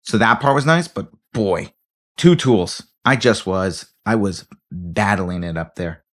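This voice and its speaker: A man's voice: lowish voice, unhurried. A man, a comedian co-hosting a podcast, telling a story in casual chat and acting out the people in it. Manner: animated storytelling, acts out voices.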